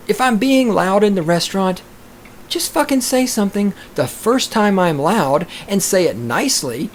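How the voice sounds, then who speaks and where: Podcast host, male, profane combative ranter, animated pitch, faint hiss behind. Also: moderate pace. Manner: profane, combative, swings into loud outbursts. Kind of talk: profane ranting monologue.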